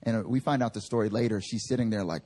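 A man's voice: on the low side, quick pace. A male pastor preaching a sermon in a casual, story-driven way, often acting out the people in his stories. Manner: animated storyteller acting out quotes; casual filler-heavy delivery. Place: church service.

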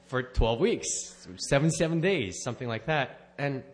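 A man's voice: medium pitch, animated, normal speed, few pauses, slight background noise. A man sharing a personal testimony at church, rambling and correcting himself, with small laughs. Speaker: church member giving a testimony.

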